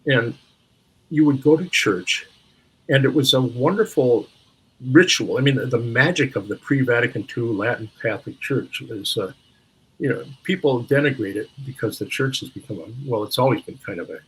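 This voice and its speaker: A man's voice: medium pitch, moderate pace, a bit bright, husky, rough recording. An older man from Minneapolis, a guest on an interview show, recalling stories reflectively and searching for words with frequent restarts. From Minneapolis, USA. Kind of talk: reflective storytelling.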